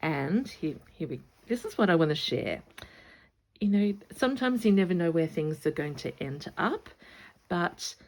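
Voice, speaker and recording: Woman vlogger, gravelly and unhurried, chatty and excitable show-and-tell. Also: lowish voice. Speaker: stitching vlogger. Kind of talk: casual show-and-tell vlog.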